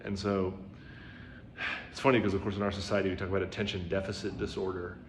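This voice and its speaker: A low-pitched man talks quickly with little pitch movement, offering an informal, chatty Zen dharma talk with constant "right?" and "you know" asides. He raises his voice to act out quoted dialogue, recorded with a roomy echo and faint background noise.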